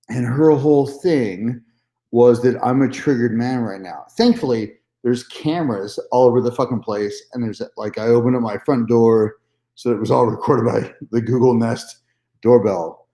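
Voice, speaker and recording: Guy venting about a date, mellow voice, candid and sweary, echoey room. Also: medium pitch, normal speed. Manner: candid, swears freely, repeats himself. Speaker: vlogger. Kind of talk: casual storytelling monologue.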